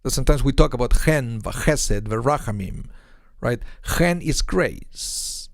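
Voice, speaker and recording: A man's voice: medium pitch, animated, slow pace, gravelly, no room sound, studio quality. A man, a rabbi, giving an informal online Torah lesson, explaining with rhetorical questions and acting out quotes. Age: adult with a young son. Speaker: rabbi teaching a weekly Torah class.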